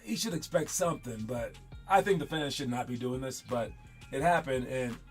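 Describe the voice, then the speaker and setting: A man's voice: mid-range voice, moderate pace, soft background music. Rambling man who stutters. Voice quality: stutters, repeats words. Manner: rambling, wanders off mid-thought. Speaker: podcast host. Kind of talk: casual solo commentary.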